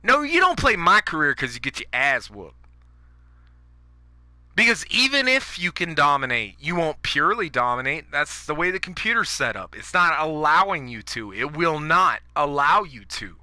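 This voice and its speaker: A man rants over his gameplay in a bright, piercing voice that sits on the higher side. He swears freely and talks straight at the viewer, and the sound is dry and close. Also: big pitch swings, normal speed, dry recording. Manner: angry, profane ranting. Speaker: gaming YouTuber. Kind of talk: ranting gameplay commentary.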